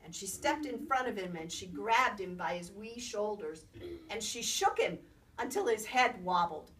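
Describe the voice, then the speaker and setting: A woman storyteller telling a folk tale aloud in an expressive, lilting way. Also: medium pitch, moderate pace. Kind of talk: oral storytelling. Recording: distant mic, faint background noise.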